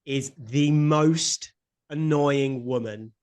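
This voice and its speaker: A man co-hosting a podcast in casual chat, blunt and quick to swear. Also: medium pitch, a little mellow, clear, resonant tone. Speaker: podcast co-host.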